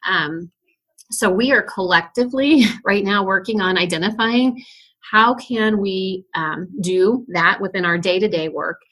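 A woman's voice: medium pitch, unhurried, a bit bright. A middle-aged woman, a school principal, answering interview questions in an earnest storytelling way with frequent laughs.

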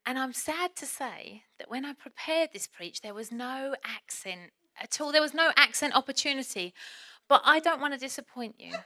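A woman preaching a sermon in a chatty, lively way, with sudden quiet asides. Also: high-pitched, moderate pace.

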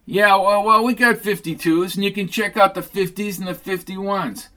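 A man's voice: high voice, fairly even intonation, moderate pace, bright, forceful tone, pitched above the performer's own voice. A man putting on a sleazy, leering junkyard boss. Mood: leering, pushy. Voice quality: leering, pushy drawl. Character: sleazy flirtatious middle-aged junkyard owner, brash.

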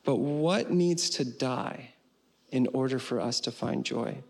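A man pastor preaching a sermon in an earnest way, slowing down on key phrases and closing with a prayer. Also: medium pitch, creaky, a little mellow. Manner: earnest, slows for emphasis and ends with prayer.

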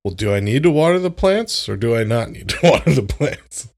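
A man's voice: mid-range voice, big pitch swings, a little fast, darkish tone. A young man co-hosting a podcast, talking in an easygoing, slangy way while tired and yawning. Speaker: podcast co-host. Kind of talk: casual chat.

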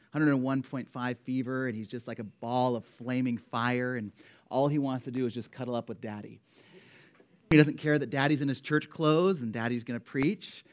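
A man in his thirties, a pastor giving a conversational sermon, earnest and warm, with a cough from a cold. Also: mid-range voice. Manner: earnest and warm, speaking about his children. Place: church sanctuary.

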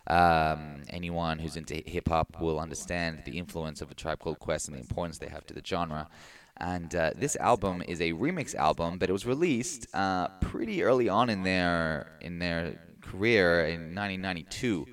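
A man hosting a radio show, introducing tracks in relaxed, rambling chat with lots of fillers. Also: deep voice, moderate pace, hardly any pauses. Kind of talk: casual radio DJ patter.

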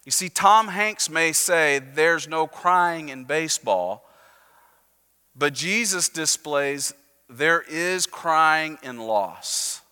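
Bright-voiced pastor preaching in a hall. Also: male voice, fairly high pitch, lively intonation, smooth. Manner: conversational preaching with jokes, slowing and softening for emphasis. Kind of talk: sermon. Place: church sanctuary. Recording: long reverb of a church hall.

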